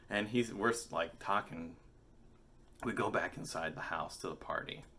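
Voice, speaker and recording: A man in his forties with a very low, bright and forceful voice tells a rambling story in a casual vlog. He swears freely and pokes fun at himself, wandering off on tangents as he goes. The telling is loose and unscripted. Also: slow pace, a little hiss or hum. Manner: rambling, profane, self-mocking. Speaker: musician and vlogger.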